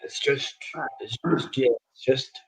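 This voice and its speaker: A man's voice: medium pitch, takes it slowly, breathy edge, low-quality recording. A man, a professional boxer telling stories in a casual interview, rambling with restarts and laughing at himself.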